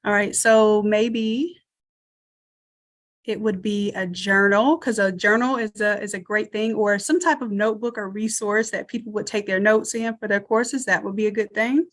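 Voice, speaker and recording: A woman's voice: medium pitch, fairly even intonation, normal speed. A woman teaching a live online design class, chatty and thinking aloud as she works through each step. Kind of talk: live screen-share tutorial.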